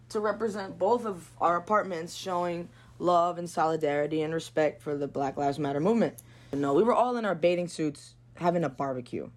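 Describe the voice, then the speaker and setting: A woman's voice: deep voice, darkish tone. A young woman from New talks. She tells her story bluntly and casually, swearing often and leaning on "like". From New York. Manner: blunt and profane, lots of "like". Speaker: guest.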